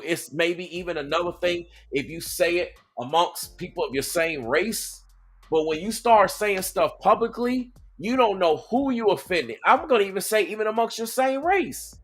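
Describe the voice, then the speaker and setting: A man hosting a reaction video, talking straight to his viewers in an easy, animated way. His voice sits a little high for a man. Faint music plays underneath. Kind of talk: casual reaction commentary.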